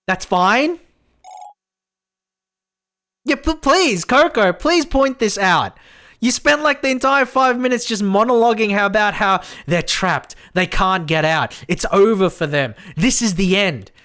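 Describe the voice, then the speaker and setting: Lively high-pitched male game streamer. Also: unhurried. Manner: chatty, laughing, voicing game characters in turn. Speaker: VTuber streamer. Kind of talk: live gameplay commentary with dialogue read-aloud.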